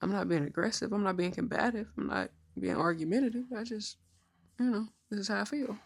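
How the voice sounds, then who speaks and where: Outspoken woman in her thirties, podcast co-host, gravelly mid-range voice, even delivery. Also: mid-range voice, brisk. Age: 30s. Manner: outspoken, storytelling, mostly even-toned. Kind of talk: casual chat.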